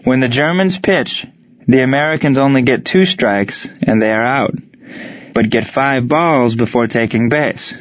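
A man voicing a proud German prisoner of war who speaks in stiff, formal, measured phrases. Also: mid-range voice, dry recording, voice pushed up, close to an everyday voice. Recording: dry, dull lo-fi sound.

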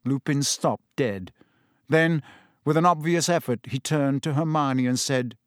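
A man giving an expressive, deliberate audiobook narration. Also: mid-range voice, no echo, studio quality.

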